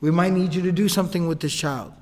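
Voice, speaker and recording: A man's voice: high voice, quick pace, in a large hall. A man telling a story as a casual lecture, acting out the quoted lines. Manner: animated, acts out quotes, casual asides.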